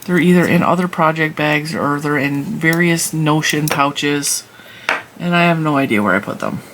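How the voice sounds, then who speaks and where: This woman runs a knitting and crochet channel and chats while she knits, reviewing yarn, drifting onto tangents and laughing at herself. Her voice is deep and a bit bright, and she talks at a normal speed. The audio is poor, with slight background noise.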